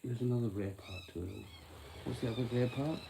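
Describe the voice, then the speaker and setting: A man's voice: mid-range voice, fast, creaky, noisy background. An Australian man with an Australian accent, rambling loosely and swearing on a casual livestream, sometimes dropping into half-whispers. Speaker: livestream host.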